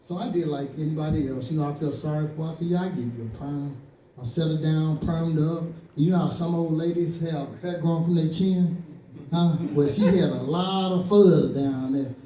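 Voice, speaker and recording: Man, stand-up comic, mellow voice, higher pitch, roomy club sound from a distance. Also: fairly even intonation, moderate pace, a little hiss or hum. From East Saint Louis, Illinois. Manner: storytelling with acted-out quotes. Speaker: stand-up comedian. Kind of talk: stand-up comedy set. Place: comedy club stage.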